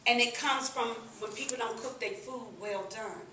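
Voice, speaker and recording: A middle-aged woman giving a lively, laughing, folksy testimonial to a live audience at a business meeting. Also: on the high side, normal speed, a little hiss or hum. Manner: lively, laughing, folksy, addresses crowd as "y'all". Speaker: sales presenter at a business meeting. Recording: echoey room, recorded from a distance.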